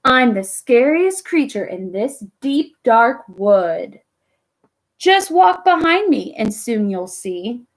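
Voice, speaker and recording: Brief: plucky storybook mouse, bragging and bright, pitched up high, as a woman reads him. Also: sing-song, takes it slowly, full character voice, low-quality recording. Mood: boastful. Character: small bold clever male mouse, boastful.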